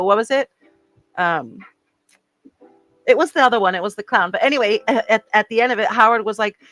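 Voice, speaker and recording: A woman's voice: mid-range voice, fairly bright tone, no room sound, rough recording. A woman chatting casually as she builds a kit on her toy vlog, rambling and poking fun at herself. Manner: chatty, rambling and self-mocking. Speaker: toy unboxing vlogger.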